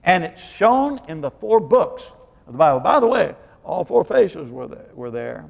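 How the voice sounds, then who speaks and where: A man's voice: on the high side, very animated, normal speed, vocal fry, in a large hall, highs cut off. A man preaching a sermon in a rambling way, searching for words and quizzing his congregation. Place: church hall.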